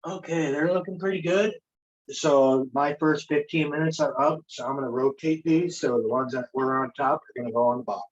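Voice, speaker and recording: Husky voice over dull lo-fi call audio. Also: medium pitch, brisk. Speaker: home cook on a group cooking call. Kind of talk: casual chat.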